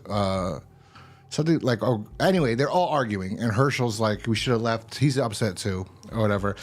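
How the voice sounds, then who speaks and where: Man, low voice, rambling casual recap, loose paraphrased quotes, swears. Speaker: show host reviewing a TV episode.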